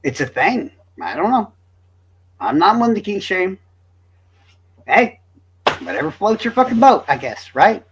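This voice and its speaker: A man's voice: high-pitched, big pitch swings, measured pace, pauses often, breathy edge. A young man from Florida, rambling through crude, joking commentary as a streamer.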